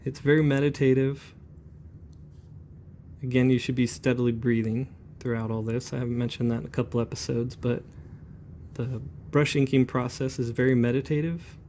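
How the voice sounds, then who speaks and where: Mellow-voiced man talking through inking. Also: medium pitch, normal speed, slight background noise. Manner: relaxed, rambling, calm and chatty. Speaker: comic book inker. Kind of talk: talking while demonstrating brush inking.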